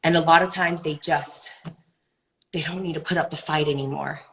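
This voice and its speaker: A woman speaking earnestly as a wellness guest on a live video call. Her voice sits a little low, and she stays animated as she gives advice. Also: moderate pace, low-quality recording. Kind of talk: conversational advice in a live interview.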